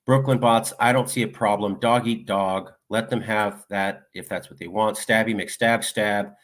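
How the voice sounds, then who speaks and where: Low-voiced man reading comments aloud. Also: steady tone, fairly bright tone. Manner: reads viewer comments aloud in quick succession. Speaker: political commentator.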